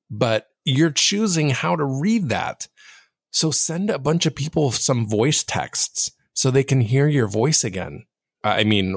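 On his laid-back solo podcast, the host addresses his audience directly, sounding reflective and poking fun at himself. His voice is low and mostly flat. The audio is close and dry, free of any room sound.

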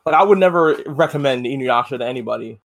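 A man co-hosting a podcast in relaxed casual chat, asking questions and giving brief replies. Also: medium pitch, quick pace. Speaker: podcast co-host.

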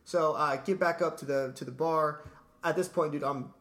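A man's voice: a little high, steady tone, normal speed, a bit bright. A man casually telling a long story in a podcast chat, laid-back and profane, dropping "dude" and "like" constantly.

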